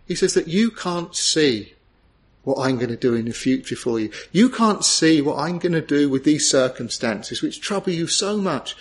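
A man's voice: on the high side, lively intonation, moderate pace. A middle-aged man preaching a sermon, earnest and tender, rising to emphatic peaks.

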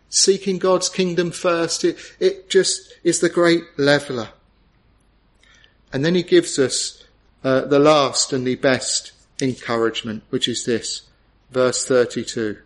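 A man's voice: mid-range voice, moderate pace. A male preacher delivering an earnest, tender sermon full of rhetorical questions.

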